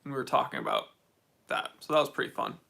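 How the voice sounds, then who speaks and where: Bright laid-back American guy. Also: medium pitch, wildly swooping pitch, quick pace, vocal fry. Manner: laid-back, reads viewer comments aloud. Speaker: host of a watch channel livestream Q&A. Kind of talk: casual livestream chat. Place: game room at home.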